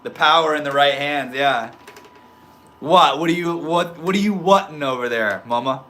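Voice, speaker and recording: A man chatting on a casual livestream, reading comments out loud and cracking up at them. His voice sits a little high and sounds bright and forward. He talks loosely, full of slang, laughing easily. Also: moderate pace, a little hiss or hum. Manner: joking, laughs often, slangy. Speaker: livestream host reading chat. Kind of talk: casual live stream chat.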